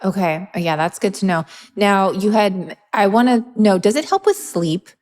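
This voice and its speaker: A woman's voice: mid-range voice, moderate pace, a little mellow, long reverb tail. A woman interviewing a guest in a casual podcast chat, telling stories and acting out the dialogue in them. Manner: chatty storyteller, acts out quoted dialogue.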